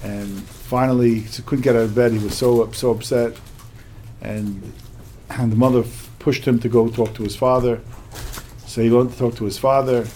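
A man's voice: medium pitch, little pitch movement, normal speed, a little mellow, slight background noise. Man telling a repetitive, emphatic story. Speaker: religious teacher. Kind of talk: storytelling lesson to a class.

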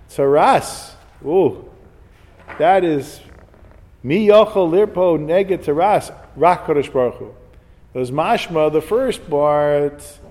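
A man's voice: a little high, mellow, big-room sound. A man giving an informal Torah class, reading Hebrew commentaries and explaining them in English with chatty personal stories. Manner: reads Hebrew sources then explains in English; chatty asides and personal anecdotes. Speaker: Torah teacher.

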